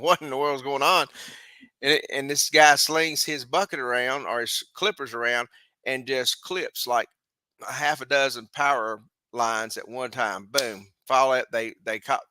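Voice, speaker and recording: A man's voice: mid-range voice, bright, forceful tone, dry recording. A middle-aged man, rambling through a long story as host of a live stream, restarting phrases and chuckling. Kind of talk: casual storytelling, recounting a dream. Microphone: live stream mic.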